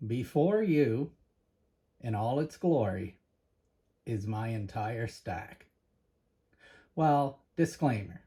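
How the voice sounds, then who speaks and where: A man from Canada hosting a casual vlog, talking chattily to viewers and a bit out of breath. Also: medium pitch. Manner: chatty, animated storytelling. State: slightly out of breath. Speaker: precious metals channel host.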